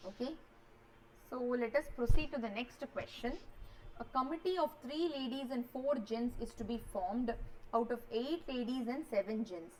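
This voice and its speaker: A woman's voice: a little high, moderate pace, slight background noise, poor audio. A woman, teaching a maths revision lecture and walking students through each step, often checking they follow. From India.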